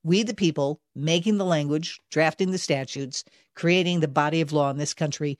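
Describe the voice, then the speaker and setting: A woman's voice: sits low, normal speed, no room sound, clean studio sound. A woman, hosting political commentary in an emphatic, insistent way. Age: 60s. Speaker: talk show host.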